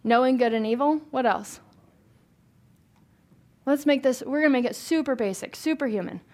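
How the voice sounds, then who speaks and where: A young woman with a slightly high voice leads a Bible study group. She talks in a loose, chatty way, throwing questions out to the group and laughing easily between points. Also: moderate pace, darkish tone. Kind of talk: casual Bible study teaching.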